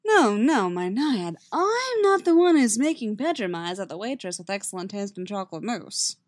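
A woman's voice: mid-range voice, big pitch swings, moderate pace, no room sound, clean studio sound, natural voice. A woman voicing a playful, affectionate young male bard.

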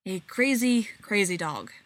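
A woman's voice: mid-range voice, big pitch swings, a little slow, dry recording. A woman voicing an earnest young man who likes order and pleads to win back his ex, in a storybook reading. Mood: fond.

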